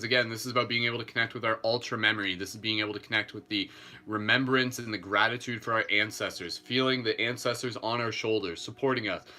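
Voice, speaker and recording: A man hosting a live guided meditation, speaking gently and calmly with playful asides. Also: medium pitch. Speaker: meditation host.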